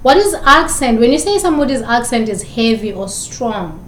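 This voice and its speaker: A woman's voice: fairly high pitch, big pitch swings, normal speed, echoey room, slight background noise. A woman from South Africa with a South African accent, a communication instructor giving recorded lecture commentary full of probing rhetorical questions.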